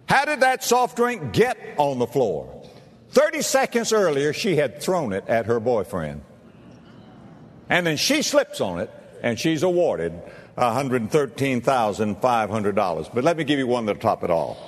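A man preaching a sermon to a congregation, swinging between low, quiet asides and high, ringing exclamations. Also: big pitch swings, unhurried, in a large hall. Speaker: pastor. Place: church sanctuary.

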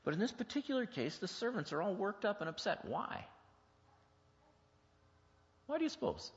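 A man's voice: sits high, huge pitch swings, normal speed. A male pastor giving a conversational teaching sermon in a church, putting many questions to the congregation in a plain, chatty way. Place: church sanctuary. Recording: long hall reverb, dull lo-fi sound.

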